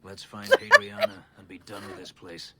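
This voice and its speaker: A man's voice: high-pitched, huge pitch swings, normal speed, bright, forceful tone, exaggerated voice. A man voicing a brooding, grave elf warrior in video game dialogue, terse and stern.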